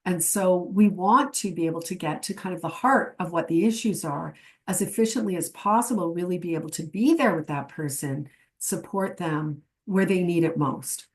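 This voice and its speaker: A woman's voice: on the low side, moderate pace. A woman giving an educational webinar lecture, explaining ideas reflectively and acting out short client examples. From Canada. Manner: warm, reflective teaching with quoted client examples. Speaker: webinar presenter.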